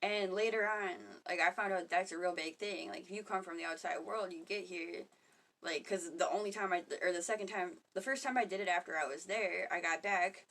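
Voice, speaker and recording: A woman talking casually to camera in a rambling, profane monologue about spirituality, often laughing and getting loud when she quotes others. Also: fairly low pitch, a little fast, distant mic. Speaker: spiritual vlogger.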